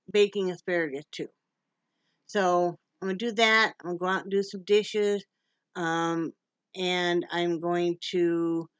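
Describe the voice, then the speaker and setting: A woman's voice: medium pitch, no room sound. A middle-aged woman from Wyoming chatting casually in a home vlog, laughing often and cooing to her dog. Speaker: vlogger.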